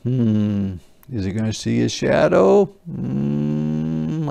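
Man, teacher, picture-book read-aloud for kids, explains words simply, dark mellow voice, unhurried. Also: fairly high pitch, gravelly. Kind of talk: interactive read-aloud for young children.

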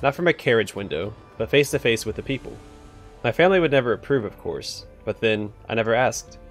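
A man's voice: medium pitch, animated, fairly quick, faint music behind, lightly acted. A man reading as a self-assured young noble heir. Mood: persuasive.

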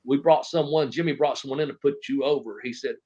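A man's voice: mid-range voice, quick pace, dark tone, slightly rough. A middle-aged man, a former wrestler, telling long rambling stories in a casual interview, acting out what others said and swearing freely. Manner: rambling anecdotes, acts out quoted voices, swears freely. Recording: dull lo-fi podcast audio.

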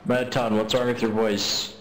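A man's voice: mid-range voice, flat delivery, moderate pace, reverberant, rough recording. A man streaming and chatting casually over a game, joking and teasing. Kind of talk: casual gaming chat.

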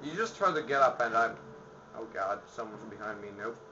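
A man commentating a game he plays, panicking and yelling at enemies, then muttering to himself. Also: lowish voice, expressive, a little fast, background noise. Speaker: let's play gamer. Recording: dull lo-fi with faint music.

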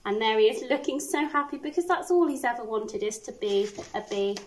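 A woman primary school teacher reading a picture book aloud to children, expressive with little asides. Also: fairly high pitch, brisk, hardly any pauses, rough recording. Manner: animated, expressive storytelling with asides.

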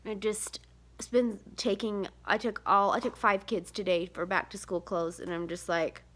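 This vlogger, a mother of seven in her thirties, has a mid-range, fairly bright voice with a level tone and moderate pace. Worn out and near tears, she addresses the camera in a meandering, tearful confession peppered with sighs and filler words.

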